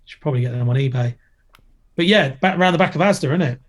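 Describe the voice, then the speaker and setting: Talking fast at a medium pitch, a middle-aged man who used to be a TV presenter and skater swaps stories on a casual podcast. He's playful and joking, breaking into loud impressions whenever he quotes someone.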